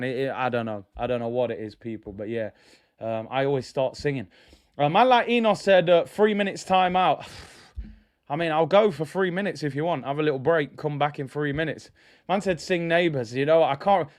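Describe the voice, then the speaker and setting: A chatty man hosting a live football watch-along. His voice is fairly high, smooth and clear, and it sits close and dry. He stays upbeat as he reads out viewer messages. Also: no echo. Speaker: host of a football fan live stream. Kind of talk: casual live-stream chat.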